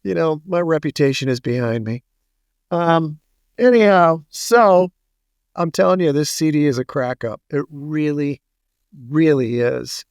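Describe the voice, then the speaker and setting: A middle-aged podcast co-host chats casually, spinning jokey stories packed with puns, quick asides and dad jokes. His fairly high voice is animated, clear and resonant, recorded with studio quality and no room sound.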